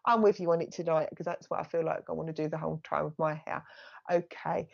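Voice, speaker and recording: A woman's voice: sits low, steady tone, fast, gravelly. Chatty woman medium on a dull livestream. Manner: soft, chatty, thanks unseen spirits aloud. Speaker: psychic medium. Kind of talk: live psychic reading.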